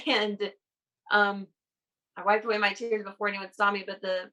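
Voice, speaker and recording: A woman's voice: mid-range voice, little pitch movement, normal speed, bright, forceful tone, low-quality recording. A woman on a casual podcast, telling a personal story in a rambling way, laughing between phrases. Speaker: guest.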